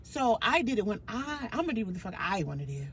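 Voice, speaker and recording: A woman's voice: mid-range voice, big pitch swings, fast talker, a little hiss or hum. A woman guest on a casual podcast, emphatic and profane as she retells conversations.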